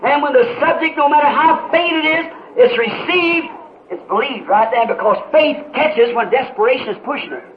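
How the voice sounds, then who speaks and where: A man preaching a sermon in an impassioned way, rising to shouts with dramatic pauses, on an old muffled tape. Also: very high voice, slight background noise.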